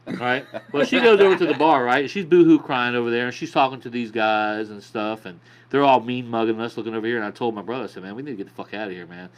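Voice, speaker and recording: A man's voice: medium pitch, fast. Man, casual podcast guest, swears freely, rambling bar-story delivery. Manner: profane, rambling anecdote with acted quotes.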